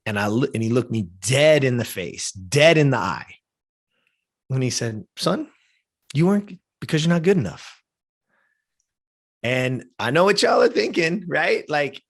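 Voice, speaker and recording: A man in his fifties, a podcast guest, recounts a personal story with an ordinary mid-range voice. He is heartfelt and casual, leaning on "like" and "right?" as he talks. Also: medium pitch. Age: 50s. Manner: heartfelt, casual, checks in with "right?" and "you know?".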